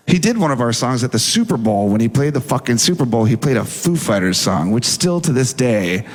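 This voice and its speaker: A man telling a story in a casual interview, animated and full of swearing, acting out what people said. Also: mid-range voice, brisk, few pauses. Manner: animated, profane, acts out quoted dialogue. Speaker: interview guest.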